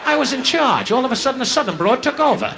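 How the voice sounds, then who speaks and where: A male stand-up comedian doing insult comedy, firing brash, rapid jabs at audience members from a nightclub stage. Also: very high voice, lively intonation. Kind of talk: insult comedy crowd work. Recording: live club recording, loud laughter, hiss.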